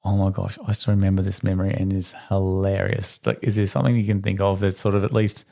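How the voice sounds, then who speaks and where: A middle-aged man with an Australian accent hosting a casual podcast chat, chatty and quick to agree. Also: low voice, little pitch movement, creaky, dark tone. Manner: chatty, quick, affirms with frequent yeahs. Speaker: podcast host, teacher.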